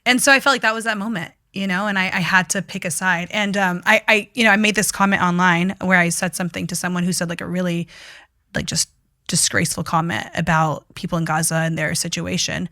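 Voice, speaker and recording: A woman talking as a guest in a casual interview, animated and emphatic as she tells her story. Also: on the low side, quick pace, dry recording, studio quality. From United States.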